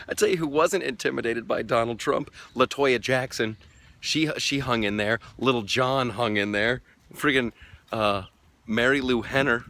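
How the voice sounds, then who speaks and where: A man with a bright, forceful voice riffs in a sarcastic comedy vlog rant. His pitch leaps wildly between low grumbles and high mocking yelps. He sounds excitable and scornful throughout. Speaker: vlogger host. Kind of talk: comedic political rant to camera.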